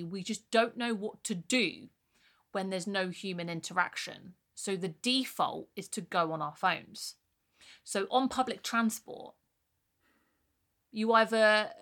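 A woman's voice: medium pitch, a bit bright. A young woman co-hosting a podcast, talking candidly and casually, with the odd swear word. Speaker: podcast co-host. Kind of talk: casual chat.

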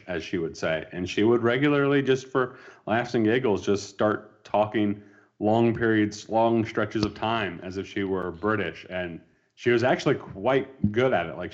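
Low male podcast guest, measured storyteller, muffled lo-fi audio. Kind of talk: casual podcast chat.

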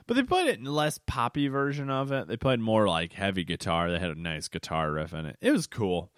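Young male podcast host, deep and low, loose rambling delivery, late-night feel, dead-dry sound. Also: expressive, fairly quick, fairly bright tone, no echo. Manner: rambling, with many restarts and fillers; records late at night, yawning. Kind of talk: casual solo podcast monologue.

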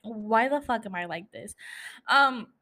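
A woman's voice: a little high, animated, unhurried, sharp tone. A young woman hosting a casual solo podcast, rambling, swearing freely and laughing at herself. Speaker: podcast host.

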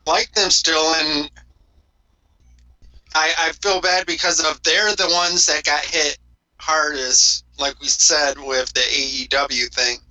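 A man's voice: fairly high pitch, steady tone, slow pace, pushed and bright, low-quality recording. A man co-hosting a wrestling podcast, talking in a hesitant, easygoing way. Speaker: podcast co-host. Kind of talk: casual wrestling podcast chat.

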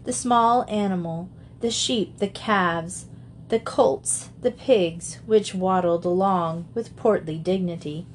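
A woman's voice: fairly low pitch, slow pace, slight background noise. Woman reading a children's story aloud. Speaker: audiobook narrator. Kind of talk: storybook narration.

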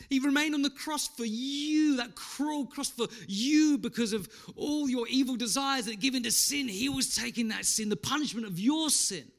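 A man preaching a sermon, swinging between loud and hushed. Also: very high-pitched. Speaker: pastor.

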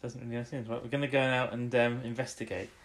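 A man's voice: medium pitch, little pitch movement. Rambling man recapping on a podcast. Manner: rambling recap, acts out lines in quick voices. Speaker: podcast co-host. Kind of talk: casual chat.

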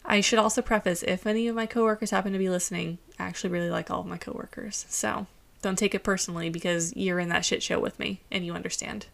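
A woman's voice: lowish voice, steady tone, fast talker, creaky. A young woman co-hosting a casual podcast, telling stories in a sarcastic, profane way. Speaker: podcast co-host.

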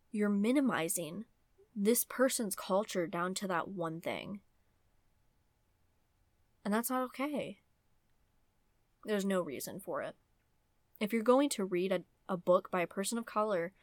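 A young woman talking casually about a novel, animated and ranting, with many fillers like "like" and "um". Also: mid-range voice, dry recording. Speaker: book vlogger. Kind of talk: casual opinionated book talk.

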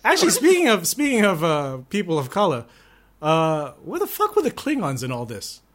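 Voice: medium pitch, huge pitch swings, moderate pace. A co-host in casual podcast chat, joking and teasing with plenty of swearing.

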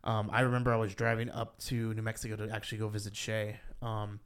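This man speaks quickly and smoothly while co-hosting a podcast, rambling through a casual chat packed with "like." When he gets worked up, his pitch climbs.

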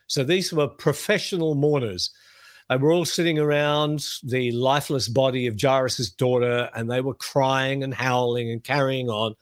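A middle-aged man teaching the Bible on a podcast, telling the stories in a lively way and reading scripture aloud. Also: medium pitch, no room sound.

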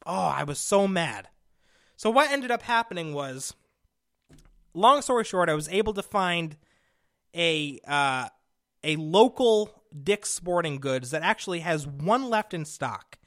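A man's voice: fairly high pitch, lively intonation, unhurried, a bit bright, dry recording. A young adult man hosting a radio show, telling a long story with fillers and rising exasperation, speaking into a studio microphone. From Connecticut. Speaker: radio host. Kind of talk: casual storytelling monologue.

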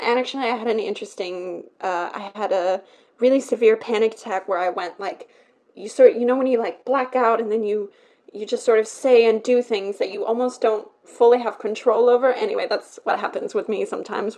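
A woman co-hosting a podcast in casual chat, open and chatty with lots of filler words. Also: medium pitch. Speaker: podcast co-host.

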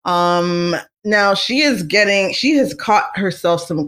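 A podcast host chats about celebrities in a casual, animated way, full of fillers, restarts, and easy laughter. The voice is mid-range, and the pace is slow with few pauses.

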